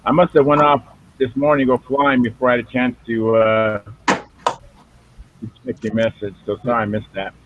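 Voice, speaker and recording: A man of middle pitch hosts a relaxed video-call hangout, meandering through his thoughts with plenty of fillers. The audio is narrow and tinny, like a phone line. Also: normal speed, slight background noise. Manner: rambling, filler-heavy. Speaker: host of a hobby video hangout. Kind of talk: casual chat on a video call.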